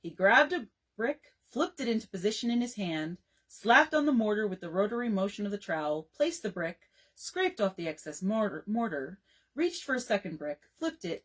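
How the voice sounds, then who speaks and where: Husky-voiced woman reading a bedtime story. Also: mid-range voice, normal speed, rough recording. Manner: expressive, storytelling. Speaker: librarian.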